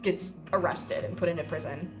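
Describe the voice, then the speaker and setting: A woman's voice: lowish voice, fairly even intonation, moderate pace, music in the background. A woman from the United States hosting a casual livestream, answering chat comments in a loose, profane, joking way. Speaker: livestream host.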